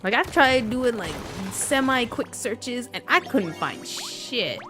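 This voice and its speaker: A young adult woman chatting casually on a gaming livestream, rambling and animated, with frequent laughs and filler words. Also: a little high, slow pace, over music. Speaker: gaming streamer.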